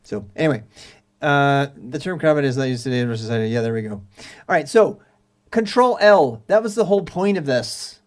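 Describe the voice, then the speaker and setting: A man's voice: mid-range voice, animated, fairly quick. A man casually teaching terminal commands on a live stream, rambling and restarting his sentences. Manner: rambling, restarts often, chuckles between points.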